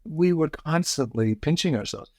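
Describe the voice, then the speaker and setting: A man in his sixties telling show-business anecdotes as a guest, animated and often acting out quotes. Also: a little high, moderate pace, dry recording, clean studio sound. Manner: lively storyteller, acts out quotes.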